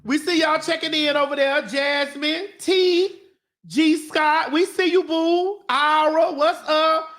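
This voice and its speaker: Taking it slowly, a woman greeting viewers on a live morning stream calls their names in a playful, sing-song way, with lots of "honey" and "baby," laughing and swearing with frank humor. She has a high, somewhat bright voice with fairly even intonation.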